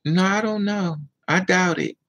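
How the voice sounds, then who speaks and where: A vlogger telling a painful personal story in a candid, emotional way, sometimes dropping to a hush, and answering viewer comments aloud. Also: medium pitch, unhurried, poor audio. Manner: emotional, candid storytelling with frequent hushed asides. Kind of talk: casual story time monologue.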